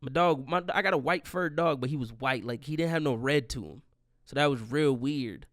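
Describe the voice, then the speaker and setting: A man's voice: mid-range voice, normal speed, fairly bright tone, no echo, studio quality. A man in his twenties hosting a podcast, telling a rambling, profane, grieving story in a casual monologue. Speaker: podcast host.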